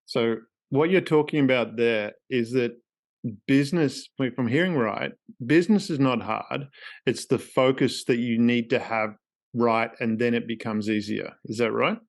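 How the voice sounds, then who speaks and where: A man's voice: medium pitch, normal speed, vocal fry. An Australian man hosting a business podcast with a playful, theatrical delivery and fond wordplay. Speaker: podcast host.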